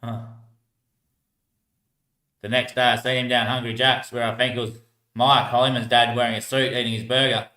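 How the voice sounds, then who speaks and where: An Australian man rambling through casual stories about life on the streets, laughing often and trailing off quietly at the ends of his lines. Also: mid-range voice, little pitch movement, normal speed, long pauses, reverberant. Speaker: homeless man telling stories.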